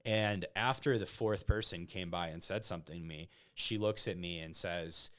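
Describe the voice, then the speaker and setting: As a podcast guest, a low-voiced man shares personal stories in a relaxed, chatty interview style at a normal pace. His smooth, resonant voice has a fairly bright tone, and he sprinkles in "like" while checking in with "right?"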